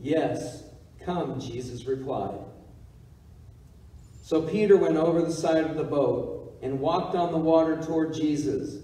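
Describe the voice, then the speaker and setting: Man reading scripture at mass, slow and dark-toned, distant mic in an echoey church. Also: fairly high pitch. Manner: slow, measured proclamation. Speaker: deacon reading the gospel. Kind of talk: liturgical gospel reading. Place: church sanctuary.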